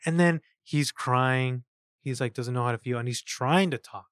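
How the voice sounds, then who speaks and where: A man co-hosting a casual film review podcast, excited and profane, acting out lines from scenes. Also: medium pitch, moderate pace, no room sound, studio quality. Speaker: podcast co-host.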